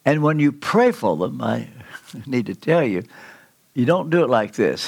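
An older man preaching a sermon in a church, telling a personal story with earnest, slow, emphatic pauses. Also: mid-range voice, sing-song, vocal fry, husky. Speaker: pastor. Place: church sanctuary.

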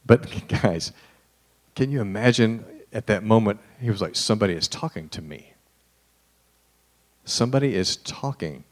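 A man preaching a conversational sermon to a live group. He talks to them directly and informally, and drops to a hushed voice to stress a point. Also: fairly low pitch.

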